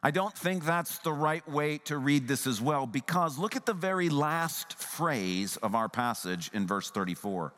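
A man preaching a sermon as a pastor, earnest and conversational, at times dropping to a soft, hushed voice. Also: on the high side, expressive, unhurried, hardly any pauses, in a large hall.

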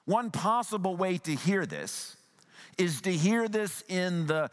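A man preaching a sermon as a pastor, earnest and conversational, at times dropping to a soft, hushed voice. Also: high-pitched, wildly swooping pitch, measured pace, big-room sound.

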